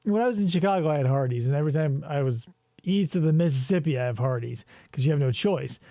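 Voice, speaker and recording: A man's voice: on the high side, animated, fast, dark tone, no echo. A man hosting a comedy podcast, riffing sarcastically and crudely over a video. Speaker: podcast host.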